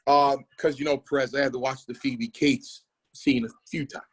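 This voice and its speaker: A man's voice: mid-range voice, normal speed, breathy edge, poor audio. A man telling wrestling stories in casual podcast chat, acting out the people he quotes. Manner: animated storyteller, acts out quotes. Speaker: wrestling promoter and former wrestler.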